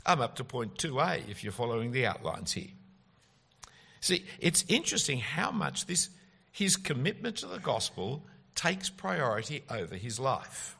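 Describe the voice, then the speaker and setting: Lively, gravelly preacher man. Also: mid-range voice, normal speed. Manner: emphatic, with rhetorical questions. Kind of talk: expository sermon.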